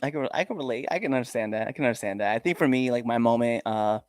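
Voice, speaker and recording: A middle-aged man hosting a wrestling podcast, telling stories in a relaxed chat and acting out the voices of the people in them. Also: mid-range voice, very fast, no echo. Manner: animated storyteller, acts out quoted voices. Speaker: podcast host. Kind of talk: casual interview chat.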